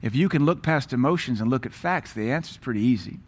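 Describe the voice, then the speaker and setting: A man's voice: mid-range voice, expressive, quick pace, slightly rough. An American male pastor delivering a sermon in a mid-range voice. He talks bluntly and with open scorn, moving between personal anecdotes and scripture.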